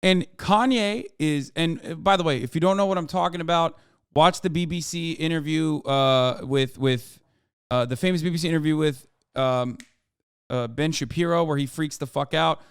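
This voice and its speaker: Sex: man. Role: streamer host. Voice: clear, dry. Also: fairly high pitch, moderate pace, no echo. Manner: blunt, profane, riffing. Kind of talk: casual reaction commentary.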